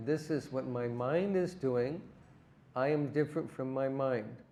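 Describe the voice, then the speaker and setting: Male spiritual teacher, mellow and dark-toned, rhetorical, recites verses. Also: medium pitch. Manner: asks the audience rhetorical questions and recites verses. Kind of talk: devotional lecture. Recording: echoey room.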